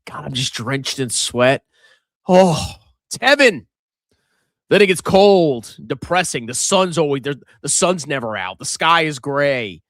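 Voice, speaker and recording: Here the Virginia-coast host talks a bit slowly, his fairly high, fairly bright voice still animated, with clean studio sound and no room noise. The middle-aged man keeps his casual livestream playful and sarcastic, his delivery swinging theatrically.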